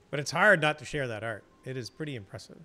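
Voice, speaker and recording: A man's voice: medium pitch, pushed and bright. A man casually rambling and chatting while streaming a fantasy game, often restarting his sentences. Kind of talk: casual gameplay commentary.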